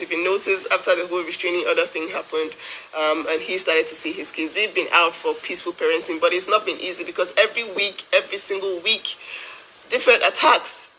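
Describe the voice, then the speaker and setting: A woman's voice: on the low side, pushed and bright, a little hiss or hum, poor audio. A woman from Africa who works as a nurse, talking straight to camera in an indignant, emphatic way and repeating herself for stress. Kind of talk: direct-to-camera vlog.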